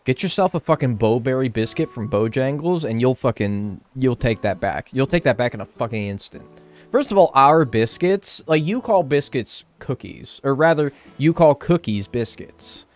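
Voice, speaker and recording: Young American male gaming streamer; bouncy, expressive delivery, casual swearing, cheeky banter. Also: mid-range voice, moderate pace, soft background music. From United States. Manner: animated, swears casually, playful banter and mock arguing. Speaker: game streamer. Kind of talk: casual chat while gaming, answering chat.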